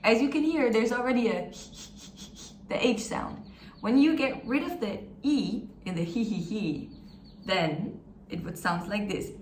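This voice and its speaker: A woman's voice: medium pitch, a little hiss or hum. Brief: encouraging woman language teacher, recorded a little off-mic in a roomy space. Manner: upbeat, encouraging, demonstrates sounds slowly. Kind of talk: step-by-step pronunciation lesson. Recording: echoey room, slightly distant mic, faint ambience.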